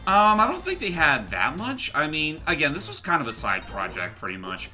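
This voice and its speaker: A man's voice: a little high, wildly swooping pitch, normal speed, bright, forceful tone, soft background music. A man hosting a casual video game review chat, rambling and correcting himself as he goes. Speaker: host.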